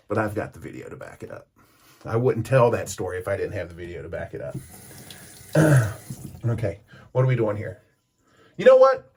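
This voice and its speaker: A man's voice: on the low side, big pitch swings, normal speed, pauses often, darkish tone, slight background noise. A man telling a rambling story in a casual vlog, stopping to comment as he shaves. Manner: rambling, self-interrupting, chatty. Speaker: vlogger. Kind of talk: casual storytelling while shaving.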